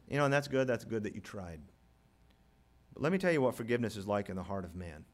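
A man preaching a sermon as pastor, moving from quiet storytelling to loud, rising appeals. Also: mid-range voice, sing-song, a little fast.

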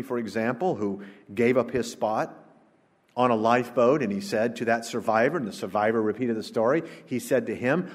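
Man in his 60s, pastor, emphatic sermon, rhetorical, mid-pitched voice, long church-hall reverb. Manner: emphatic, rhetorical, swings between loud declarations and low asides. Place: church sanctuary, preaching to a congregation.

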